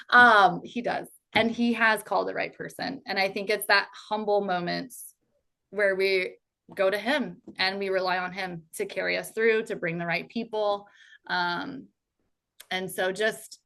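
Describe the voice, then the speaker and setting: A woman's voice: mid-range voice, measured pace, a bit bright. A woman in her thirties, a podcast guest talking in an earnest, heartfelt way, full of casual fillers. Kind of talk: faith podcast conversation.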